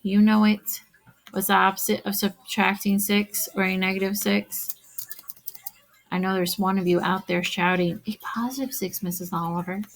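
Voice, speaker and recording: Slow, gravelly-voiced woman teacher. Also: medium pitch, low-quality recording. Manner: talks to students directly, counts aloud, checks understanding. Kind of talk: recorded math lesson.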